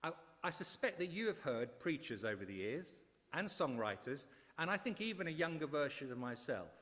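A middle-aged man delivers a sermon in a church, his voice sitting a little high for a man. He tells stories with lively, excitable bursts. The sound rings with long reverb from the hall. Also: moderate pace. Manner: warm, animated storytelling with sudden high excited bursts. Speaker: preacher.

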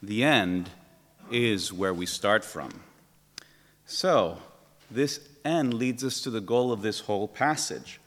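A middle-aged man preaches a sermon from the pulpit, his voice sitting on the low side. He tells stories with lively, acted-out exclamations. The sound rings with a long reverb, as in a large church. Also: slow pace. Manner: animated storytelling, acting out exclamations. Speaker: pastor.

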